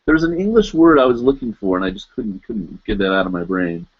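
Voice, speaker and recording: Man in his thirties, casual live-stream host, low voice, rambling with fillers, muffled lo-fi audio. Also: expressive, brisk, husky. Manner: rambling, searching for words, many fillers. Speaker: podcast host.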